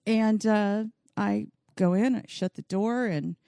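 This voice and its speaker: A woman's voice: mid-range voice, takes it slowly, vocal fry, mellow, dry recording, studio quality. A woman telling a bawdy comic story from her own life on a podcast, laughing often and acting out the voices she quotes.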